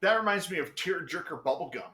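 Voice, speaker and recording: A man co-hosting a casual livestream chat, loud and laughing often, with plenty of swearing. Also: fairly high pitch, animated, quick pace, a crowd in the background. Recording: roomy echo.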